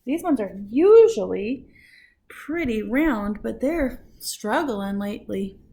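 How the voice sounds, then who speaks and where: A woman vlogging at home, telling an indignant story in a casual, animated way while doing her hair, often laughing. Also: a little high, takes it slowly, slight background noise. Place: at home after a shower. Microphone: camera at close range.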